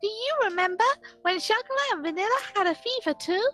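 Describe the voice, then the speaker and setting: A woman's voice: very high-pitched, expressive, a little fast, a bit bright, soft background music, voice pushed up. A woman voicing shy, sweet young catgirl twins in a fan dub of a visual novel, reading with meows between lines. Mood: tender.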